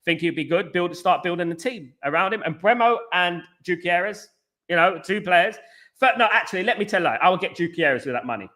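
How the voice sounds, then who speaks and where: On a live stream for fans of his club, this adult football channel host sounds off and reads viewers' comments aloud. He talks briskly in a bright, forceful, slightly high voice with lively intonation, hammering home strong opinions and repeating himself as he rants.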